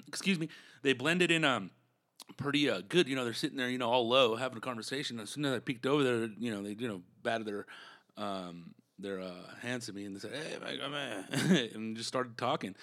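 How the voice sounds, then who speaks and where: A man's voice: mid-range voice, fairly quick, a bit bright. A man who works as a comedian, from Southern California, telling stories in a laid-back, slangy way full of fillers. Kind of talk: casual storytelling chat.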